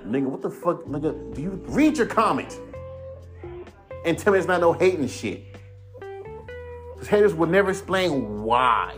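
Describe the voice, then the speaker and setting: A man in his thirties rants in a heated, profane, rambling way on a casual podcast. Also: a little high. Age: 30s. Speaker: podcast host, rapper. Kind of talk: casual ranting monologue.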